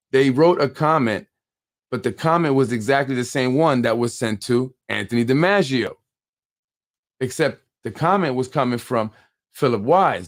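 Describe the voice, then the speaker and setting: A man from New York hosts a live call-in politics show and recounts a run-in at length. He tells it with lively energy, acting out other people's lines and stumbling over repeated words when he gets heated. His voice sits at an ordinary middle pitch. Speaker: host of a local politics show.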